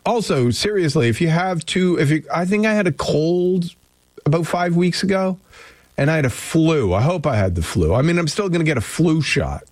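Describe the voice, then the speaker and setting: A man's voice: fairly high pitch, animated, moderate pace, darkish tone, dry recording. A male radio host chatting casually on air, rambling and joking, often stopping to restart his thoughts. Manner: rambling, self-interrupting, joking. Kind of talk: casual morning radio chat. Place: radio studio. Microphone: studio microphone.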